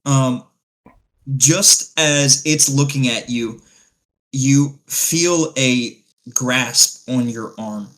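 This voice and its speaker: A man's voice: medium pitch, drawn-out words, fairly bright tone, rough recording. A man narrating a tabletop game as game master, in a loose, rambling way with many fillers.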